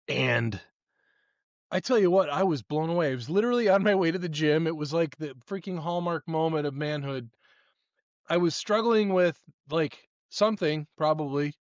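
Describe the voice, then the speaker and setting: A man in his forties casually commenting on clips he plays, excitable and self-mocking. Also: on the high side, dry recording. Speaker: host playing and reacting to clips.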